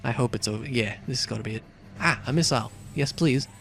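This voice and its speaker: A man's voice: medium pitch, fast, creaky, fairly bright tone, soft background music. A young man casually commenting on a video game as he plays, chatty and rambling, with lots of fillers and asides. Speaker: let's play host.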